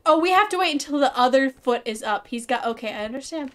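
Bubbly high-voiced woman gamer. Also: animated, quick pace, a bit bright. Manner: bubbly, playful, chatty with viewers; casual swearing. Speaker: gaming streamer. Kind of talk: let's play commentary.

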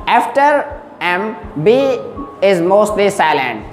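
A woman's voice: mid-range voice, expressive, echoey room, in a large hall, faint music behind. A woman teaching a beginner English lesson who says words twice for drill and checks in often. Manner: slow, repeats words for drilling pronunciation.

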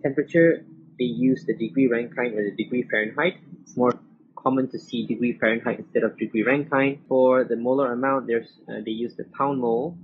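A man delivers a steady lecture over slides at a mid pitch, pausing to spell out unit symbols letter by letter. The old recording sounds muffled, with a faint hiss behind him.

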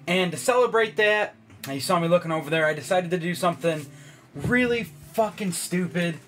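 A man's voice: high-pitched, normal speed, fairly bright tone. A man talking casually to his camera as a vlogger, loose and profane, poking fun at himself. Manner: casual, profane, self-mocking. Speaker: YouTuber.

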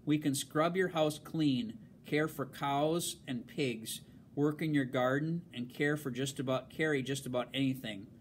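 A man's voice: mid-range voice, unhurried, slight background noise, lightly acted. A man reading aloud and voicing an anxious young servant girl who speaks timidly and pleads. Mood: pleading.

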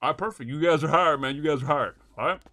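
A man doing game role-play banter as a taco stand manager, loud and full of slang. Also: a little high. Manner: loud, slangy, quick retorts. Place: indoors, headset mic.

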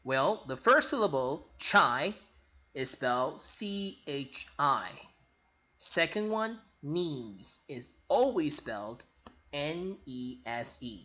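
A man teaching an English spelling lesson, spelling out letters slowly and repeating each word for the learner. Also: a little high, poor audio. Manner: bright, lively teaching voice.

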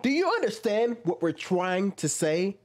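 Brief: a man putting on a slow, breathy, high sing-song TikTok voice, mockingly affected. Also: sing-song.

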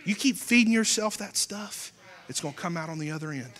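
A young man with a Southern American accent preaching a sermon with passion, going from shouts down to a hushed near-whisper. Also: high-pitched, lively intonation, a little fast. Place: church. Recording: long church hall reverb.

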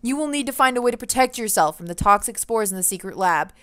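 Excitable woman narrating a game. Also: on the high side, fast. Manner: chatty, excitable, laughs often. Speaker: gaming YouTuber. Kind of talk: let's play commentary.

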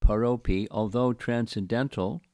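An older man giving a scripture class, reading a long commentary slowly and deliberately and explaining it to his listeners. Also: mid-range voice, steady tone, dark tone, dry recording, studio quality. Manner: slow, deliberate reading with chanted verse recitation.

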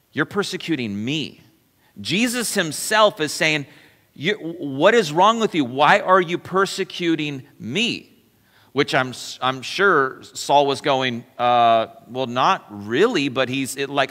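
A bright, forceful male pastor preaching in a loose, conversational way, stopping to correct himself and slipping into the voices of the people he quotes. His voice rings out through a church sanctuary with a long echo trailing behind it. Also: a little high. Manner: chatty, self-correcting, acts out quoted voices. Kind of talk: conversational sermon.

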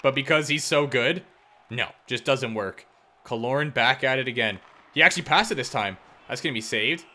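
Bright-voiced young man yelling at hockey game. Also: mid-range voice, normal speed. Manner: excitable, yells at plays, self-deprecating. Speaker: gaming YouTuber. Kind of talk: live gameplay commentary.

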